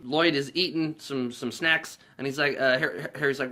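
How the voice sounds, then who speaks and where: A man's voice: medium pitch, steady tone, moderate pace, hardly any pauses, pushed and bright. A man giving a casual movie recap as a reviewer, rambling and profane, with lots of filler words.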